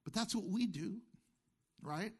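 A man's voice: high-pitched, measured pace, darkish tone, breathy edge. A man preaching a sermon as pastor, firing questions at the congregation and answering them himself, with jokey asides.

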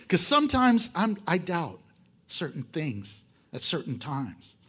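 Animated high-voiced male pastor preaching. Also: slow pace, husky. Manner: animated and joking, full of rhetorical questions. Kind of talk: sermon.

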